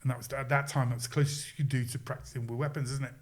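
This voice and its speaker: Middle-aged male coach, podcast guest, mid-pitched voice, casual storyteller who voices his quotes. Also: rapid-fire. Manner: lively retelling, acts out quoted lines, chuckles.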